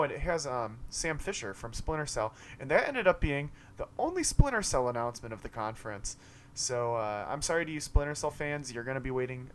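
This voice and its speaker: A man's voice: medium pitch, a little hiss or hum. Rambling man recapping a game showcase. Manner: rambling, loose, lots of fillers and self-corrections. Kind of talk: casual commentary monologue.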